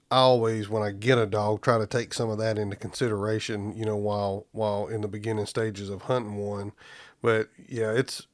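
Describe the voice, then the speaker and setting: A man's voice: fairly low pitch, no echo. A man hosting a podcast interview, easygoing and often repeating words as he thinks. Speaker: podcast host. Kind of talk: casual interview.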